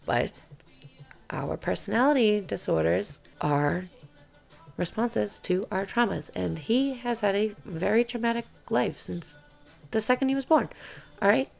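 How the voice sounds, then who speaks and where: A woman's voice: mid-range voice, lively intonation, a little slow, creaky, soft background music. A young woman hosting a podcast who talks bluntly and confessionally, swearing often and adding lots of "okay" and "right". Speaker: podcast host. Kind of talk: candid personal monologue.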